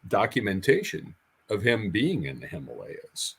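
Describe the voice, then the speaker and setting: Husky, measured man. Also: on the low side, huge pitch swings, fairly bright tone. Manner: measured, with frequent hesitations. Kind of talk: podcast conversation.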